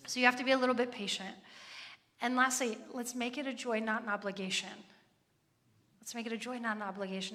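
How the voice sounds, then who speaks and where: Bright-voiced woman preaching in an echoey hall. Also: fairly high pitch, steady tone, fast talker. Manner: chatty, earnest, with asides. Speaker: church speaker. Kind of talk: conversational sermon.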